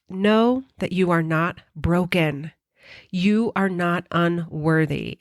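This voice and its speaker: A woman's voice: on the low side, no echo, studio quality. A middle-aged woman hosting a podcast, telling a personal story in an earnest, emotional way and swearing casually. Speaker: podcast host.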